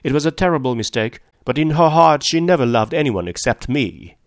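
A man's voice: mid-range voice, lively intonation, normal speed, gravelly, no echo, clean studio sound. A man reading a story aloud, voicing a polite, earnest young man who grows passionate.

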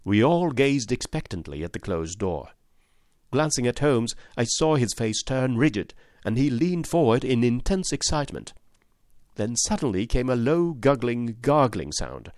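A man narrating a classic story in an expressive, dramatic reading style. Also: mid-range voice, dry recording, clean studio sound. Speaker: audiobook narrator.

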